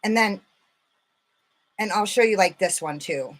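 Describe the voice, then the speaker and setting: A woman's voice: medium pitch, a little slow. A woman hosting a casual makeup live stream, rambling and swearing freely, full of filler words. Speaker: makeup livestream host.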